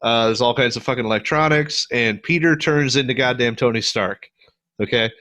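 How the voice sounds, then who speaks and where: A middle-aged man co-hosting a podcast, casually and profanely retelling movie scenes with lively voices. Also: medium pitch, moderate pace. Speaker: podcast co-host. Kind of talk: casual movie review chat.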